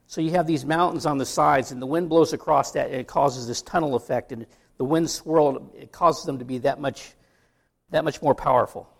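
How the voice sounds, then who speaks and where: A man's voice: medium pitch, normal speed, vocal fry. A middle-aged man from the United States preaching a sermon in a conversational way, with asides and rhetorical questions to the congregation. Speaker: pastor.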